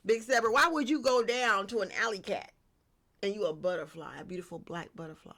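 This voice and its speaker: A woman giving a casual spiritual tarot reading, lively and slangy, talking straight to her viewers. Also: mid-range voice, fairly quick. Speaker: tarot reader.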